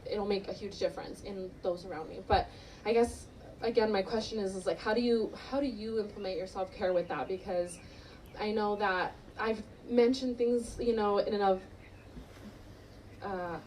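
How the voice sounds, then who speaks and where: A woman's voice: medium pitch, normal speed, a little mellow. A woman in a live audience asks a long question, hesitant and full of fillers. She is heard from a distance, with a faint hiss behind her. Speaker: audience member asking a question.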